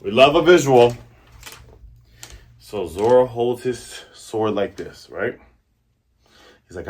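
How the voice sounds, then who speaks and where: This man takes his time with pauses as he casually reviews a manga chapter, still excitable and acting out each scene with animation. The voice is husky and a touch breathy, with lively, wide-ranging pitch.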